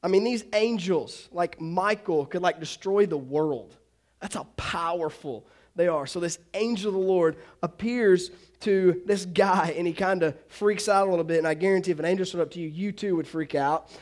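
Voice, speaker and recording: A man with a high voice preaches to his congregation in a relaxed, joking way. He talks casually and animatedly, mixing in asides to his listeners. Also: normal speed. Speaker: pastor. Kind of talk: sermon.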